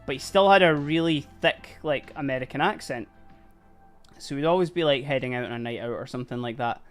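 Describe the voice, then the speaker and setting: Soft music plays behind a livestream host painting miniatures as he chats casually with his viewers. He's a young Dundee man with a local Scottish accent who laughs a lot and uses Scottish slang, speaking briskly in a smooth, mid-range voice.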